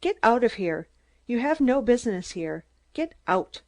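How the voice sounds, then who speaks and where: A woman reading an audiobook, voicing a shrill, excitable small man who rants in staccato outbursts. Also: measured pace. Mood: furious.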